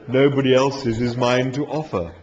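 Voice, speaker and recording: A man's voice: fairly even intonation, normal speed, darkish tone, a little hiss or hum, natural voice. A man voicing a polite, contented male cow-like creature offering itself as dinner, in a dull lo-fi live recording. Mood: contented, courteous. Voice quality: low, contented, ingratiating.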